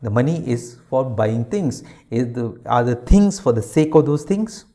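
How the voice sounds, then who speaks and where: A man's voice: medium pitch, animated, a little slow, dark tone. A man, a monk and spiritual teacher, giving a spiritual talk that he builds from rhetorical questions, each answered with a firm no, with frequent hesitant fillers and restarts.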